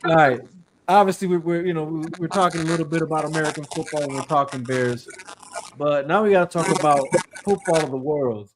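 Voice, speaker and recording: A man's voice: fairly high pitch, brisk, noisy background. A man hosting a casual podcast chat over a video call, laughing often and joking around. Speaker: podcast host.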